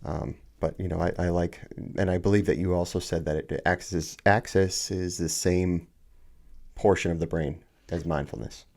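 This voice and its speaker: A man co-hosting a podcast, talking in a casual, measured and steady way. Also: sits low, gravelly. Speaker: podcast co-host.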